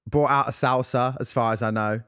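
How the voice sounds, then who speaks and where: A man's voice: mid-range voice, fairly even intonation, a little fast, a bit bright, smooth, no room sound, clean studio sound. A young man co-hosting a podcast, chatting and teasing through celebrity gossip with lots of fillers. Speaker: podcast co-host. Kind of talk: casual gossip chat.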